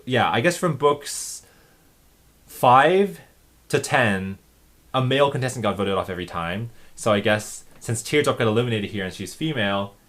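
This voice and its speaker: A man casually commenting on his own comics, chatty with lots of fillers. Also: lowish voice. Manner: chatty, lively, frequent laughs and fillers.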